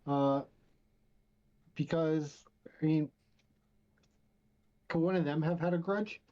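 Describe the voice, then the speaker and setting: A man's voice: on the high side, steady tone, takes it slowly, mellow. A man playing a tabletop game over a call, easygoing and a little hesitant. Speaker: player. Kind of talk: casual game chat. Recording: dull lo-fi mic.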